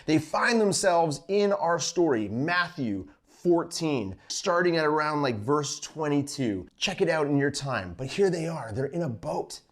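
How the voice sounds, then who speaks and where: A man hosting a fishing vlog, giving an informal Bible study with animated storytelling full of "like"s. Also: a little high, a little slow, few pauses. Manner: animated storytelling, acts out scenes, many "like"s.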